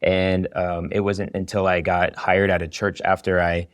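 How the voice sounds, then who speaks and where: A man in his thirties, a podcast guest who teaches video, tells his story with energy in a casual interview chat, leaning heavily on "you know." His voice is low, his pace moderate, and there's no echo.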